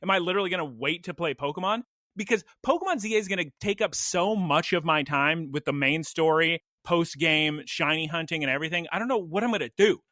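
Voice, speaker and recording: A man's voice: fairly high pitch, animated, fast talker, bright, forceful tone, no room sound, clean studio sound. A man co-hosting a casual podcast, rambling through stories, laughing and acting out his own reactions. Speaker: podcast co-host.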